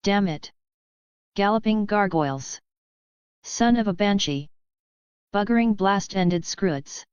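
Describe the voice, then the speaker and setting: A woman's voice: medium pitch, expressive, darkish tone, clear, resonant tone, no room sound. A woman voicing a fierce, clever young witch girl who bursts out in fury and gives commands, in an audiobook reading. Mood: furious. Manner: furious outbursts, quick and commanding. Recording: muffled lo-fi recording.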